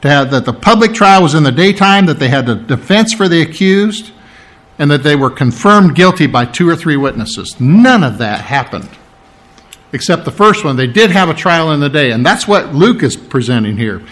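A man's voice: fairly high pitch, expressive, normal speed, fairly bright tone. A man preaching a sermon, teaching through a Bible passage emphatically, reading its lines with dramatic emphasis.

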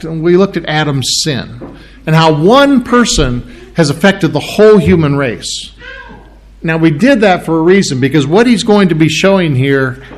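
A middle-aged man preaching an expository sermon to his congregation, halting often and clearing his throat. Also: a little high. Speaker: pastor.

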